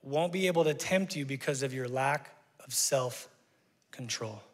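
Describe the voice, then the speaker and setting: A man in his forties preaching a sermon as a pastor, animated and conversational, with frequent asides to his congregation. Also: mid-range voice, a little slow. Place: church sanctuary. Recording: long church hall reverb.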